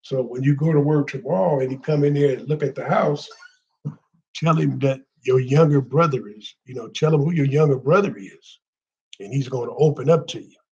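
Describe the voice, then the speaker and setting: Man, casual heartfelt monologue, slangy and rambling, mid pitch, dull lo-fi recording. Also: moderate pace, darkish tone. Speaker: storyteller.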